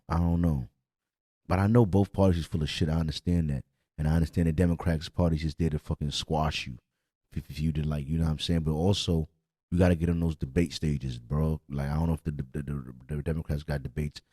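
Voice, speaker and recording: Very deep-voiced man ranting on a podcast. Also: mellow, husky, dry recording, clean studio sound. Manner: blunt, profane, repetitive, heated. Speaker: podcast host. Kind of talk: casual opinionated podcast rant.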